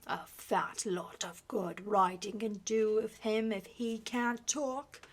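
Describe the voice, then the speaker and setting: A woman's voice: mid-range voice, fairly even intonation, slow. A woman whispering as a raging old duke. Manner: blustering, shouting in bursts. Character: stern, furious old duke obsessed with bloodline. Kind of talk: whispered role-play.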